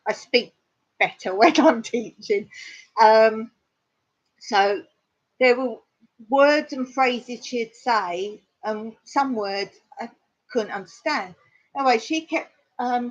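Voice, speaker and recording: An Englishwoman chats through a casual live stream, laughing often and imitating other people's pronunciation. Her voice sits a little high. The sound is dull and lo-fi. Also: measured pace, husky. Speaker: livestream host. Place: home in rural Cyprus.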